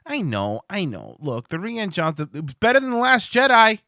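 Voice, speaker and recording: Animated, bright-voiced male streamer. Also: high-pitched, moderate pace, dry recording, clean studio sound. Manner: rambling, profane, restarts a lot. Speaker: livestream show host. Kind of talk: casual livestream chat.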